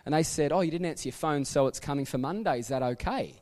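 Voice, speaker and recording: A man's voice: a little high, fast, darkish tone. Australian man preaching in a reverberant hall. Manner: chatty storytelling with asides and self-corrections. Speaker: pastor. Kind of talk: sermon. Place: church sanctuary.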